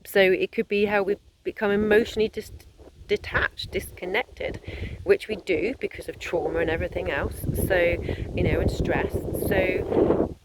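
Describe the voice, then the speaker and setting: A woman's voice: medium pitch, steady tone, moderate pace, background noise. A woman, a holistic therapist giving a conversational wellness talk that rambles and encourages, with many fillers and restarts.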